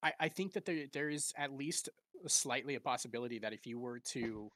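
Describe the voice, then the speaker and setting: A man's voice: mid-range voice, fairly quick, pushed and bright, dry recording. Laughing podcast co-host man. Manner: laughing, stumbling over names, self-mocking. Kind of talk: casual chat.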